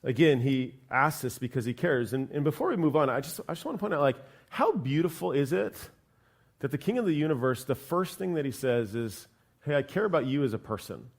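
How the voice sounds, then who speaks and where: A man's voice: fairly high pitch, lively intonation, fairly quick, creaky. A man preaching a sermon as lead pastor in a church, talking in a loose, conversational way and often checking in with "right?". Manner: conversational, repeats "right?" and starts words twice. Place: church sanctuary.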